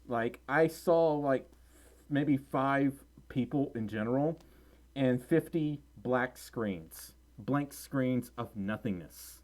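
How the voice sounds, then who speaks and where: A man's voice: mid-range voice, a little mellow. A man from Mississippi hosting a casual livestream, reading chat aloud, tired and rambling with frequent laughs. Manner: chatty, giggly, tired and rambling. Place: home room.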